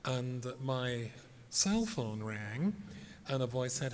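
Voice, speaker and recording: A man's voice: mid-range voice, animated, takes it slowly. A man, a rabbi giving a humorous storytelling lecture, wry and self-mocking. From England. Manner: wry, self-mocking, tells jokes and does voices. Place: convention hall. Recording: reverberant hall, faint background noise.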